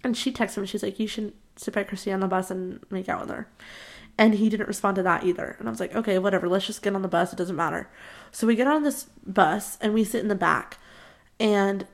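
A woman's voice: mid-range voice, brisk, gravelly. A young woman casually telling a story to her viewers, chatty, laughing often and acting out the people she quotes. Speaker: vlogger.

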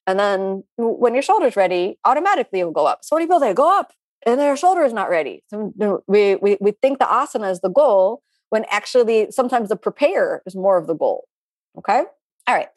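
A woman's voice: mid-range voice, brisk, dry recording. Chatty woman yoga teacher, dry sound. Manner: chatty, animated, with playful asides. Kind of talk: live online class Q&A.

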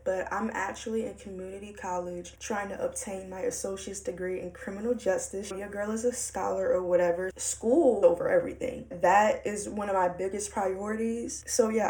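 A young woman hosts her own podcast alone, catching listeners up in a loose, candid way. Her voice sits in a middle pitch, and she drops slangy asides as she goes. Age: young adult. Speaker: podcast host. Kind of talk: casual solo podcast monologue.

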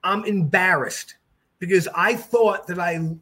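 A middle-aged man telling stories as a podcast guest, animated and jokey. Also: sits high, measured pace. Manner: animated, jokey, mimics voices. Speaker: podcast guest, jiu-jitsu black belt. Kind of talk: casual storytelling.

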